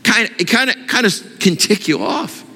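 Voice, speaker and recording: A man preaching a sermon, asking his congregation questions in an animated way. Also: high voice, brisk, long reverb tail. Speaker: pastor.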